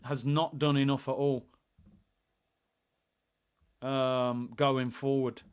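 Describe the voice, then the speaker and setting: A young man hosting a live football watchalong, commentating on the match, reading out chat messages and shouting when play heats up. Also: medium pitch, little pitch movement, slow pace, clean tone.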